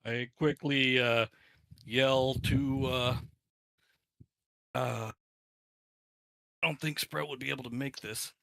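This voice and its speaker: A man's voice: mid-range voice, fairly even intonation, slow pace, gravelly, pauses often, sharp tone, no room sound. A man playing in a tabletop game, talking casually and hesitantly with lots of fillers. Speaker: player.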